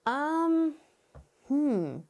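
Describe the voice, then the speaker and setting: Woman vocal coach, lively and demonstrative. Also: high voice, very slow. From Nashville, USA. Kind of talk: podcast interview.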